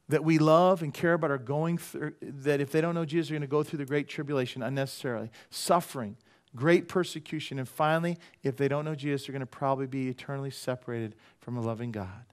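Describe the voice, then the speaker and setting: A man preaching a sermon as pastor, conversational and jokey, swinging between loud emphasis and quiet asides. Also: medium pitch. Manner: jokey, drops into quick playful voices.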